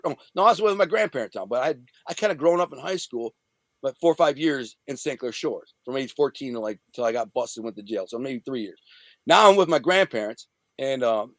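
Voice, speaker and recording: A man from the Detroit area telling rough, profane stories from his past in a casual, animated way as an interview guest. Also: medium pitch, dry recording. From Detroit area, USA. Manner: streetwise, profane, animated retelling. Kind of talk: casual storytelling.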